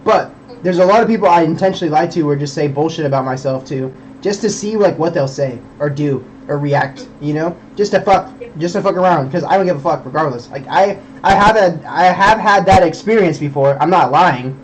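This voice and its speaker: A man's voice: a little high, a little fast, hardly any pauses, lo-fi sound, a little hiss or hum. A young man streaming, rambling in casual chat, swearing a lot and preaching about belief.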